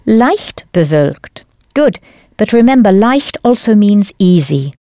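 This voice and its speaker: A woman teaching a language lesson in a clear, careful scripted delivery, spelling out words as she goes. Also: medium pitch, sing-song, takes it slowly, warm tone, no room sound, clean studio sound.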